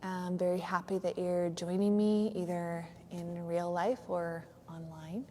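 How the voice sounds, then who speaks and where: A woman's voice: on the low side, flat delivery, long reverb tail, slight background noise. Soothing woman leading yoga nidra. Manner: soft, slow, soothing guidance with some fillers. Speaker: yoga teacher. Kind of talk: guided yoga nidra relaxation. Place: yoga studio on a cold evening.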